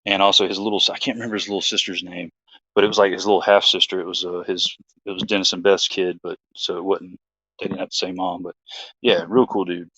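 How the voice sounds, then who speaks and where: A man's voice: deep voice, little pitch movement, quick pace, pushed and bright, dry recording, dull audio. A man, hosting his own show, telling a story in a rambling, laid-back chat full of fillers. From Georgia, USA. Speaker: host.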